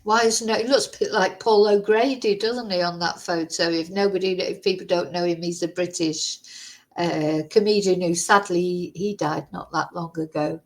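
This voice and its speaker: A woman's voice: fairly low pitch, steady tone, moderate pace, poor audio. A woman vlogger in casual chat, thinking aloud and musing through lots of rhetorical questions.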